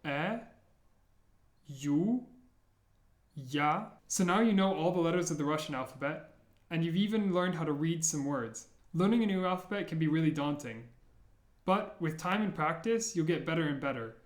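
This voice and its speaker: A man's voice: on the high side, expressive, a little fast, roomy sound. A man teaching an online language lesson, patiently modeling sounds and reassuring learners.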